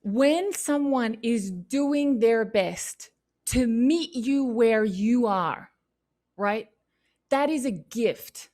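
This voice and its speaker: A woman speaking at a youth leadership session, answering questions in an animated, chatty and encouraging way. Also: fairly high pitch, extremely slow. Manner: animated, chatty, lots of "like" and "you know"; encouraging and upbeat.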